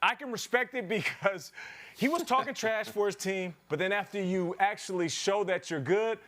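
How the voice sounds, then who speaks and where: A man in his thirties, a former pro football player co-hosting a sports show, telling a story in a lively way and acting out other people's lines. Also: moderate pace. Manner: lively storyteller, acts out quotes in a higher heckler voice. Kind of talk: animated storytelling chat.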